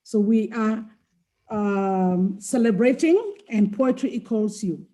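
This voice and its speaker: Slow, mellow-voiced Cameroonian poet on a call. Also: female voice, medium pitch, expressive. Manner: slow, deliberate recital with chanted dirge passages. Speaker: invited poet. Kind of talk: poetry reading on a webinar. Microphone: video call.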